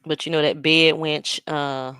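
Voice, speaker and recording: A woman's voice: deep voice, flat delivery, unhurried, bright, forceful tone, clear, resonant tone, no echo, clean studio sound. A woman hosting a casual livestream, chatting and greeting viewers by name with teasing humor. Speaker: livestream host. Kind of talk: casual chat.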